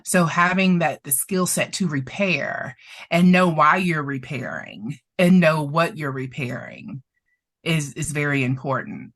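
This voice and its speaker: A woman's voice: low-pitched, a little slow, a bit bright. A woman therapist presenting as a guest, telling a story expressively, laughing often and getting emotional. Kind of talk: animated storytelling in conversation.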